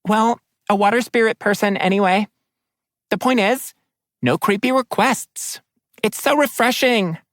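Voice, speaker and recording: A man's voice: high voice, unhurried, fairly bright tone, dry recording, studio quality, voice pushed up. A man voicing a bubbly, gossipy female water spirit in an audiobook, chattering and gushing. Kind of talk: audiobook character voice.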